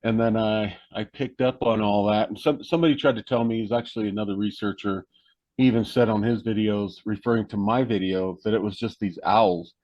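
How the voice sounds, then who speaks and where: A man's voice: lowish voice, steady tone, brisk, a little mellow, no echo, lo-fi sound. A man, a hunting guide and tracker, talking as an interview guest in a blunt, emphatic, slangy way that includes some swearing. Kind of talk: casual conversation.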